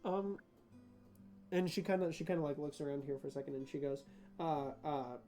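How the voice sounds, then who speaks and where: A man's voice: on the high side, a little fast, warm tone, faint music behind. A man narrating as game master in a tabletop game. His narration is loose and casual, full of fillers and restarts.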